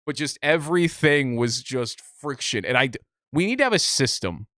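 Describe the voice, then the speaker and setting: A man's voice: mid-range voice, animated, normal speed, pushed and bright, no room sound, clean studio sound. A man co-hosting a podcast, telling a long story in casual chat, rambling with many restarts. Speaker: podcast co-host.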